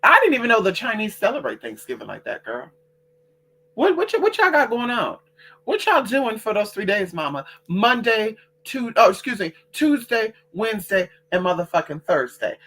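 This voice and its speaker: A woman hosting a casual livestream reads out her viewers' comments and answers them bluntly, with plenty of profanity. Her medium-pitched voice is sing-song and fairly quick, a bit bright with a breathy edge.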